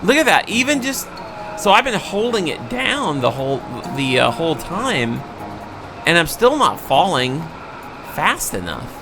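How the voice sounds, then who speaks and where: Over background music, a thirtysomething man with a Southern US accent narrates his let's play in a fairly high, sing-song voice at a measured pace. Frequently frustrated, he addresses viewers directly and breaks into loud outbursts.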